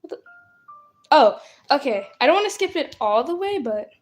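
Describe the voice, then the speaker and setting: A woman casually commenting on her gameplay while streaming, excitable and talking to her chat with lots of starstruck exclamations. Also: high-pitched, normal speed, faint music behind. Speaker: game streamer.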